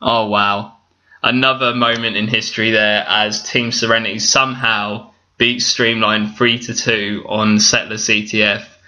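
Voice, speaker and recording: A man giving excited, breathless commentary over his own gameplay, talking straight to his viewers. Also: on the low side, unhurried. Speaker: gaming video commentator.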